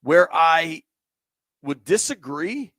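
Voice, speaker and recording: A man's voice: a little high, big pitch swings, slow, pushed and bright, no echo. A man from Washington, D.C., hosting a sports radio livestream in a casual, rambling way with plenty of fillers. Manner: easygoing, rambling with fillers and restarts.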